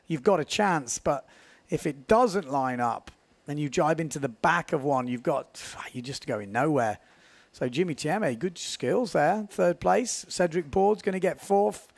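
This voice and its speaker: A man giving live, chatty commentary on a windsurf race, building excitement at key moments. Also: high voice, creaky, no room sound.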